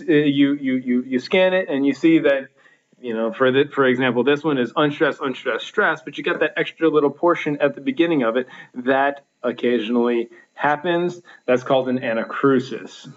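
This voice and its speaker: A man teaching a recorded lesson over slides, counting out stresses slowly, with frequent fillers and restarts. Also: a little high, lo-fi sound.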